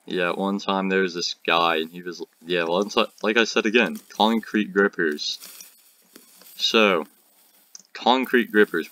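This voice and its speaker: A man's voice: low-pitched, pushed and bright, slight background noise. A teenage boy hosting a gaming video, giving rambling, jokey commentary and talking back to enemies on screen. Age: teen. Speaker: gaming channel host. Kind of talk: casual gameplay commentary.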